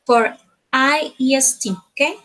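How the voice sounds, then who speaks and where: Woman teacher, measured unhurried delivery, keeps checking in with "okay?". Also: high voice, a bit bright, low-quality recording. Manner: slow, repeats words, ends phrases with tag questions. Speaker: English teacher. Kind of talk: slow grammar lesson.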